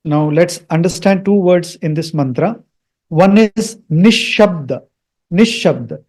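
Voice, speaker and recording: Man with a high, mellow voice slowly teaching mantra pronunciation, says "hmm?" a lot. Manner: patient, repeats words slowly, asks "Hmm?". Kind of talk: explaining and pronouncing mantras.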